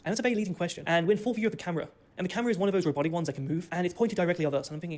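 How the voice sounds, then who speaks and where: A man telling a long first-person story in a fast, boastful, ranting way. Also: high voice, a little mellow. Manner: rapid, boastful, ranting delivery. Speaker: storyteller in a played video.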